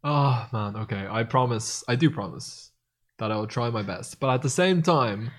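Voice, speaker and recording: Man, podcast co-host, casual chat, husky, lively pitch, rambling, sweary. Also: moderate pace. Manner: animated, rambling, swears freely.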